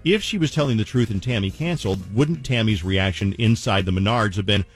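A man hosting a radio show, chatty and energetic, talking to listeners and callers. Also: on the low side, a little fast, husky, faint music behind. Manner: energetic, chatty, acts out voices. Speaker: radio morning show host.

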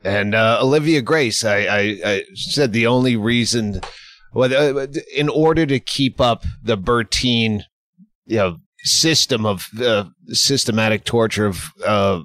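A man's voice: on the low side, measured pace, fairly bright tone, no echo. A man hosting a podcast in casual chat, crude and joking, rambling with swearing. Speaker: podcast host.

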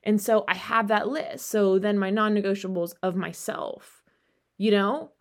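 A woman in her thirties speaks in a candid, rambling monologue at a middle pitch. She leans on filler words and swears freely as she talks. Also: fairly even intonation, measured pace. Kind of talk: casual monologue.

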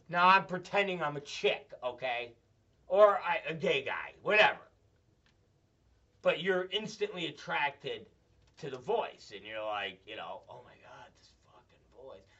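A man's voice: on the high side, expressive, a little slow, vocal fry, long pauses, pushed and bright. A man hosting a show, telling crude, profane, rambling comedic stories. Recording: dull, slightly distant mic.

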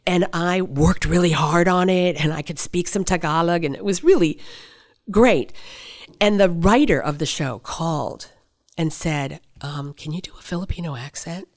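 A middle-aged woman with a fairly low voice recounts her career in a relaxed interview. She tells stories animatedly, with lively leaps in pitch when she stresses a point. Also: unhurried. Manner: animated storytelling, pitch jumps for emphasis. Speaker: actress and voice performer, interview guest. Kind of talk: conversational interview.

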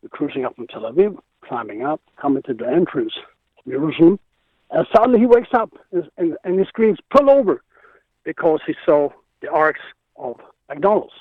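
A man guest musician from Israel telling stories in an interview, animated and acting out the people he quotes. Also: a little high, fairly quick, breathy edge, no room sound. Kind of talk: storytelling interview. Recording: tinny phone line.

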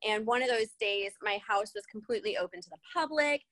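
Animated woman with a higher voice, dry close sound. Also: brisk, dry recording. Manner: animated storyteller, laughs often. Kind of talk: casual conversation.

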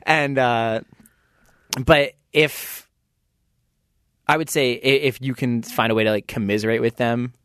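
A man's voice: mid-range voice, fairly even intonation, a little slow, long pauses, fairly bright tone, smooth, dry recording, studio quality. A man, a band's lead singer, telling rambling anecdotes as a podcast guest and acting out the people he quotes. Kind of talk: casual interview storytelling.

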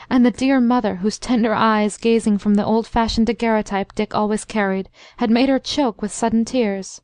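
A woman narrating a classic story in a measured, expressive reading. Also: mid-range voice, clear, resonant tone, no room sound. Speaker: audiobook narrator. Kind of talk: scripted narration.

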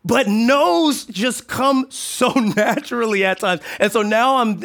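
A man preaching a sermon as pastor, animated and playful, swinging from hushed asides to shouted lines. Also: very high-pitched, takes it slowly, few pauses.

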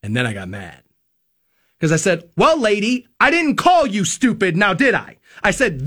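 A male radio host with a high, ringing voice that swoops all over as he talks. He tells a personal story in a loose, chatty way, acting out each side of a phone call and swearing freely. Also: very animated, moderate pace, bright, forceful tone.

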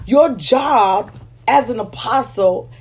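A woman preaching a teaching sermon to ministers. She speaks emphatically, slows down to stress key words, and keeps checking in with "Okay?". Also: a little high, a little mellow, slightly rough. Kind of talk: teaching sermon with scripture readings.

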